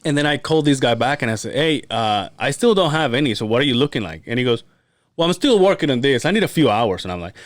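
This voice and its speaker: Quick and mid-pitched, this podcast host's voice comes through in dry studio audio. His casual storytelling is heavy on profanity and lively, acted-out quotes.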